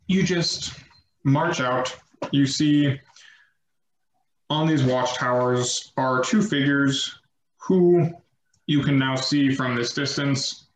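A man narrating as game master of a tabletop game, relaxed and descriptive with light self-mockery. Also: medium pitch, reverberant, a little hiss or hum, poor audio.

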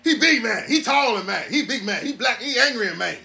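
A man putting on the voice of a grinning young white man, in a high, taunting sing-song. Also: animated, fairly quick, gravelly, bright, forceful tone, heavily acted.

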